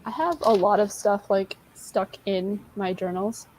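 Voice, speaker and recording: On a relaxed livestream, this twenty-something co-host talks candidly and self-deprecatingly, drifting off track often as she rambles. Her medium-pitched voice is measured and a little mellow, and the rough recording carries some hiss or hum.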